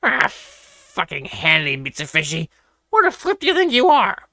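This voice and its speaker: A man voicing a brutish, hot-headed teenage delinquent who bursts into loud, angry outbursts while reading a story aloud. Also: fairly high pitch, animated, fast, creaky, no room sound, full character voice. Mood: furious.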